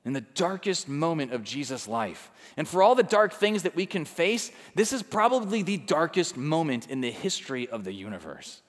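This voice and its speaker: A man preaching a sermon, swinging from loud intensity to hushed quiet and acting out the people he quotes. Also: fairly high pitch, big pitch swings, moderate pace, few pauses, long reverb tail. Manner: acts out quoted people in conversational asides. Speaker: pastor.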